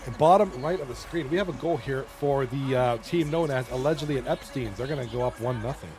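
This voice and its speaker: A man casually commenting on an online hockey league stream, reading chat aloud, chatty and loose with frequent swearing and throat clearing. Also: medium pitch, fast talker, over music.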